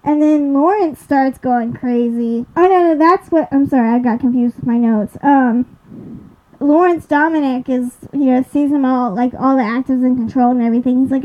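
Recapping a TV episode on her podcast, a young woman with a high-pitched voice chats casually at a moderate pace. She rambles, uses lots of fillers and sometimes loses track of her notes, and the lo-fi recording sounds dull.

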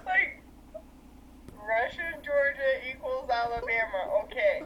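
A woman in casual chat, unhurried, giving short agreeing replies and comments as a podcast co-host. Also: sits high. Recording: dull lo-fi mic with faint hiss.

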